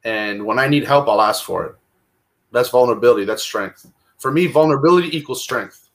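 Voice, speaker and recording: A man talking on a video call about his past, emotional and repeating himself, swinging between loud bursts and hushed words. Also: medium pitch, fairly quick. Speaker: guest. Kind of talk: candid conversation about recovery.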